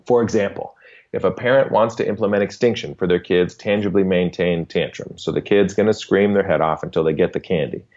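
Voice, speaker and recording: A man's voice: low voice, fairly even intonation, a little fast, a little mellow, dull audio. A man, a behavior analyst, patiently explaining concepts as a podcast guest and often checking in with "right?". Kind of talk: conversational explanation in an interview.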